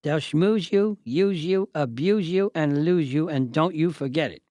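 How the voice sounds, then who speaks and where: A man's voice: on the high side, measured pace, warm tone, no room sound, natural voice. A man voicing a cynical older Cockney boxing promoter who gives wry, blunt warnings.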